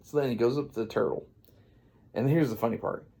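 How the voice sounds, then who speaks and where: A man rambling through an absurd comic retelling of a fairy tale, with deadpan asides. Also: mid-range voice, a little fast, vocal fry. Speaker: comedian storyteller.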